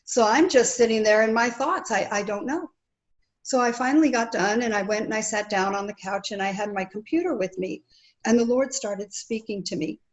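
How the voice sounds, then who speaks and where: A middle-aged woman sharing a personal faith testimony in conversation, earnest and lively, acting out remembered dialogue. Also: a little high, normal speed. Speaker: guest sharing her testimony. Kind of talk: conversational storytelling.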